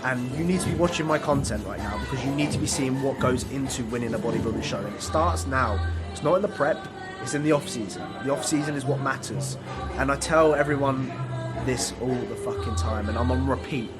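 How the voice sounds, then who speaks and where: A man's voice: mid-range voice, a little fast, over loud music. A young man talking to camera in a casual gym vlog, fired-up and blunt, swearing freely. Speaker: bodybuilder vlogger.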